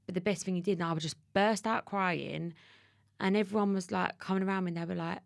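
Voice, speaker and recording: A woman's voice: lowish voice, steady tone, quick pace, gravelly, no echo, clean studio sound. A woman in her thirties with an Essex accent, a podcast guest telling a personal story in an emotional, tumbling way with restarts. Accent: Essex English. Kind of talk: candid conversational interview.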